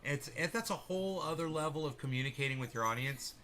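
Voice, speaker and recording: A man's voice: on the high side, fast talker, pushed and bright, a little hiss or hum. A male podcast host chatting casually, rambling, laughing and swearing freely. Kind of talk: casual chat on a live audio room.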